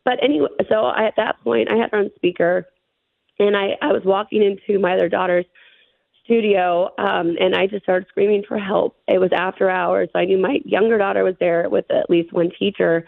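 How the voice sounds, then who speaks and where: Middle-aged female guest telling her story earnestly; slight fry, dry phone-line audio. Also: medium pitch, steady tone, dry recording. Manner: earnest, rushed storytelling with fillers. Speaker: interview guest. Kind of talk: recounting a personal ordeal.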